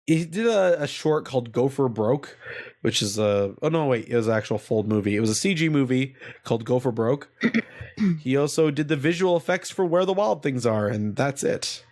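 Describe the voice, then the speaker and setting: Profane, animated male podcast host. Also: medium pitch, normal speed. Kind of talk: casual podcast banter.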